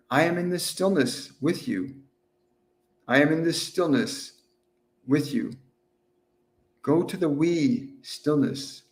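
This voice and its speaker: A man voicing a playful male spirit messenger who speaks gently and slowly in a hushed way. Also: fairly high pitch, echoey room. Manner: slow, drawn-out, hushed phrasing.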